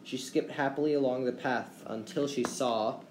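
A man's voice: mid-range voice, fairly even intonation, normal speed. Man telling a bedtime story. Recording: roomy echo, faint background hum.

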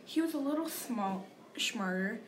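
A woman's voice: fairly high pitch, lively intonation, a little slow, slight background noise. A woman reading aloud as a male wolf narrator, telling his side of the story in an aggrieved, confiding manner. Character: wolf, male, self-pitying and sly.

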